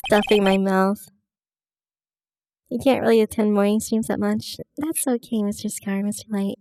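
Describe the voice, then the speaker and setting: A woman's voice: medium pitch, little pitch movement, measured pace, long pauses, mellow, smooth, no echo, clean studio sound. A woman game streamer chatting casually with her viewers, giggly and friendly, reading out chat messages. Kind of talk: casual let's-play chat.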